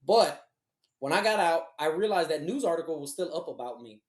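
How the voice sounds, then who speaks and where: A man co-hosting a podcast, telling a personal story in casual, profane, animated chat. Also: a little high, a little fast, echoey room. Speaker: podcast co-host.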